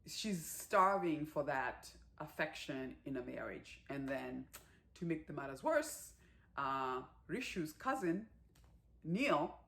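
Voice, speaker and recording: A woman giving a casual movie recap, chatty and animated, with lots of fillers and acted-out quotes. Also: deep voice, slow. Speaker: movie reviewer.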